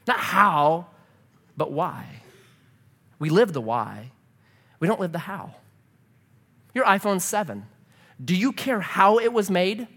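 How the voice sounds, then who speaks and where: A man preaching a sermon in church, animated and humorous, asking the congregation rhetorical questions. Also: high-pitched, takes it slowly, long pauses, breathy edge. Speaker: pastor.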